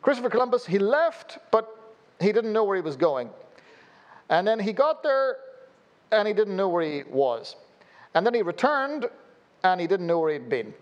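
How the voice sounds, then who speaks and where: A man preaching a sermon as a pastor, telling humorous stories and dropping suddenly to a low, quiet voice. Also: very animated, normal speed, long pauses, dull audio.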